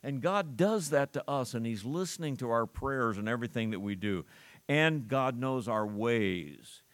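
A man's voice: mid-range voice, animated, measured pace, no echo. An older man preaching a sermon, talking it through in a conversational way with rhetorical questions and read-aloud scripture.

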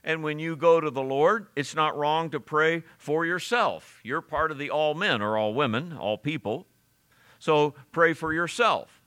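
A man's voice: on the high side, unhurried, sharp tone, clean tone. A pastor preaching a conversational sermon, reading scripture aloud and chuckling at his own stories.

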